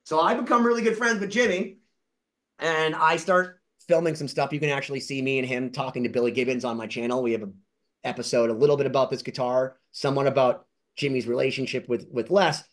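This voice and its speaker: A man telling excited, rambling anecdotes as an interview guest and collector, acting out other people's lines in high voices. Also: brisk. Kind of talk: casual storytelling.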